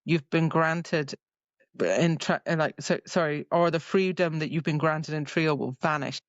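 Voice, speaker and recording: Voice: mid-range voice, fairly even intonation, moderate pace, no room sound, muffled recording. A podcast co-host casually recapping a book's plot in a rambling way and quoting its dialogue. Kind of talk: casual book discussion.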